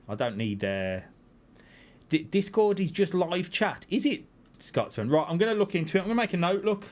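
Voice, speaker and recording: A middle-aged man chats loosely to his live-stream viewers from a room at home. He is self-mocking and rambling, and his pitch swings high and low as he goes. His voice sits in an ordinary middle range. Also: a little mellow. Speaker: YouTube channel host. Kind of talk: casual live-stream chat. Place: home room full of camera gear.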